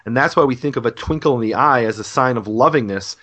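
A man's voice: medium pitch, fast, fairly bright tone. A man explaining scripture in an earnest conversational way, often restarting his sentences. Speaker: Bible scholar co-host. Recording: dull lo-fi podcast audio.

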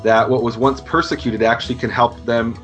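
A man's voice: medium pitch, level tone, brisk, faint music behind. A man talking as a guest in a casual podcast chat, explaining things earnestly. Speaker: guest teacher.

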